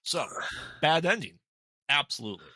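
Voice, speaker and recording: A man's voice: on the high side, very animated, normal speed, bright, forceful tone, dry recording. A man co-hosting a podcast who retells a film's plot in casual chat, rambling with frequent ums. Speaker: podcast co-host. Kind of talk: casual movie recap chat.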